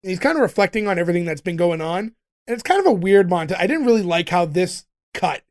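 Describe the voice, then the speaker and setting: High-voiced male podcast host, chatty recapper who laughs often. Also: lively intonation, fast talker. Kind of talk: casual podcast chat.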